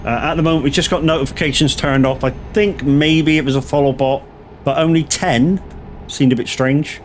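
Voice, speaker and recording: A man's voice: mid-range voice, a little fast, slight background noise. A man from Southwest England with a West Country accent, chatting casually on a game stream and answering viewers. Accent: West Country English. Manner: relaxed, reads chat aloud and answers. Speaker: gaming streamer. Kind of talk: casual live-stream chat.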